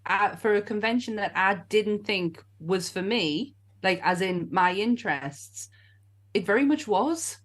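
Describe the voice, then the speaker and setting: A woman's voice: mid-range voice, expressive, a little slow. A woman co-hosting a podcast, chatting casually and enthusiastically.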